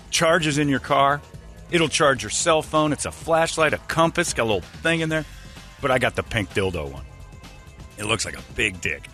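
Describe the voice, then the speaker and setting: A man's voice: medium pitch, animated, brisk, pushed and bright, soft background music. A man hosting a casual morning radio show, telling stories that mock himself and acting out other people's lines. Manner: self-mocking storyteller, acts out other people's lines.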